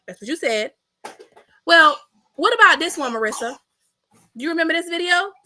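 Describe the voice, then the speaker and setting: A woman talking in a high, bright voice. She runs a reaction commentary and sounds blunt, mocking and sassy. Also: animated, moderate pace, slight background noise. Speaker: commentary channel host.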